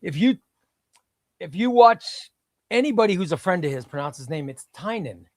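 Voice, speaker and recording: A man with a slightly high voice talks into a close, dry mic on a live stream. He is enthusiastic and chatty and keeps repeating his words. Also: expressive, moderate pace, no echo. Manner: enthusiastic, repeats himself, reads chat aloud. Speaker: comic book live stream host. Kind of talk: casual live stream chat.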